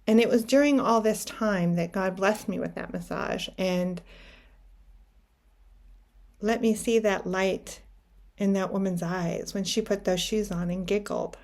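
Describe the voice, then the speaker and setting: Gravelly-voiced middle-aged woman telling a story. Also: medium pitch, steady tone, measured pace. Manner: reflective, warm anecdotal storytelling with many restarts. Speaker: podcast host. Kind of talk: personal storytelling.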